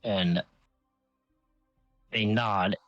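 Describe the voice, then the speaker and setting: A man's voice: fairly low pitch, very slow, no echo, dull audio, faint music behind. A man running a tabletop game, narrating casually with many fillers. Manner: relaxed, filler-heavy, improvising. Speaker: game master.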